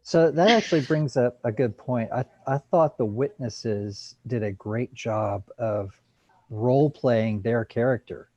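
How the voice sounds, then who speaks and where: A man's voice: mid-range voice, a little slow, mellow, no echo, dull audio. A man who organized a mock trial, giving chatty, enthusiastic feedback with many fillers over a video call. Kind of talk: casual praise and feedback.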